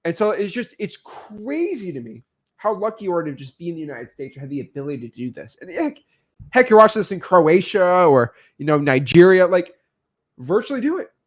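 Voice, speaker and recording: Man, co-host, animated storyteller, answers viewer questions, slightly high voice. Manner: animated storyteller, quick shifts in pitch. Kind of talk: casual business chat.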